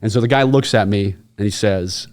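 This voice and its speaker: A man's voice: fairly low pitch, a little fast. A man, a podcast guest and former intelligence officer, telling stories in casual interview talk and acting out the people in his anecdotes. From United States. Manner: lively storyteller who acts out the people in his anecdotes.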